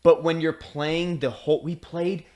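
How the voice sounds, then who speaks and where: A man co-hosting a podcast, ranting in casual chat, swearing freely and acting out quick impressions. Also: a little high, steady tone, darkish tone. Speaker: podcast co-host.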